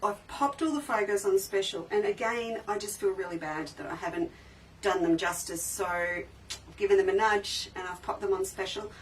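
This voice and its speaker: Hosting a relaxed live sales stream from her sewing shop, a woman speaks at normal speed in a mid-range voice. She chats eagerly, often leaving sentences unfinished and starting over. A slightly distant mic picks up faint background noise.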